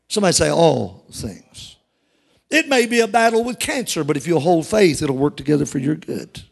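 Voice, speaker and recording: A male pastor preaches with emphatic call-and-response, often rising into shouts. His voice sits very high for a man and has a gravelly edge. He keeps checking in with the congregation between points. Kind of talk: sermon.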